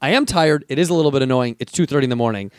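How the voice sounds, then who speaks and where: A man's voice: medium pitch, very fast, dry recording, studio quality. A man telling casual stories from a film set, swearing freely and acting out what people said. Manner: profane, animated, acts out voices. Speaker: actor guest. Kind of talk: casual storytelling chat.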